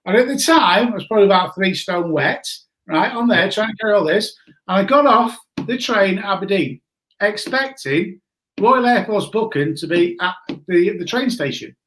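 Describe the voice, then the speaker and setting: A man in his forties telling a story in a casual chat, animated and laughing often, greeting viewers as he goes. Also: high-pitched, moderate pace, slight background noise. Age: 40s. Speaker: guest.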